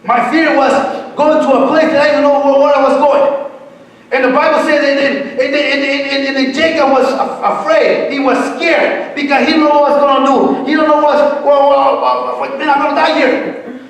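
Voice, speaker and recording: High-voiced preacher in an echoey hall. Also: male voice, flat delivery, vocal fry, far from the mic, a little hiss or hum. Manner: halting, repeats words, broken English grammar. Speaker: preacher giving his testimony. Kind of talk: sermon testimony. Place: church hall.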